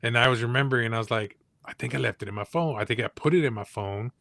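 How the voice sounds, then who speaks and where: A man's voice: mid-range voice, rapid-fire, creaky, fairly bright tone, dry recording. A man hosting an interview, giving short eager agreeing replies. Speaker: interviewer host. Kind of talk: casual interview chat.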